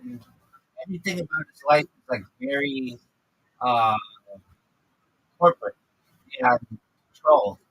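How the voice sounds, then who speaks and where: A man's voice: medium pitch, sing-song, measured pace, vocal fry, pauses often, fairly bright tone, breathy edge, no echo, rough recording. A man talking casually on his livestream, ranting and swearing freely. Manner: profane, ranting.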